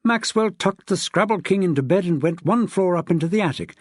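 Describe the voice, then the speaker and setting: A man narrating an audiobook in an expressive way, shifting his pitch for the characters. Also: brisk, no room sound, clean studio sound. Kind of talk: scripted narration.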